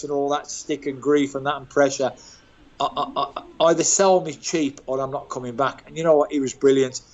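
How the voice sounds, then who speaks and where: A man in his sixties from Birmingham, telling animated, self-mocking stories as an interview guest. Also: mid-range voice, moderate pace, lo-fi sound. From England, Birmingham. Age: 60s. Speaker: guest, former footballer. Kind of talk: storytelling interview.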